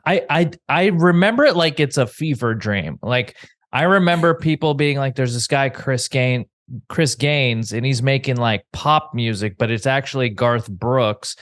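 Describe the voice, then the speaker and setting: A man's voice: mid-range voice, measured pace, a bit bright, dry recording. Dry-sounding man chatting on a podcast. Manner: chatty, reads out listener emails. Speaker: podcast co-host. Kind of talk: casual chat. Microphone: remote call mic.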